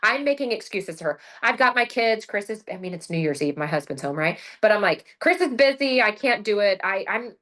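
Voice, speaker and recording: A middle-aged woman giving a casual motivational talk over a video call. She tells her story with lively energy, acts out her own lines and often says "like" and "right?". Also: mid-range voice, brisk, few pauses. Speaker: presenter sharing her sales story.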